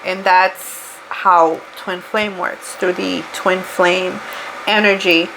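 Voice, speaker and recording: A woman's voice: on the low side, fairly even intonation, takes it slowly, fairly bright tone, slight background noise, poor audio. A woman from Portugal with a Portuguese accent, giving a casual, rambling spiritual card reading that drifts into chat and corrects itself as she goes. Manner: chatty, rambling, self-correcting. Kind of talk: casual tarot reading monologue.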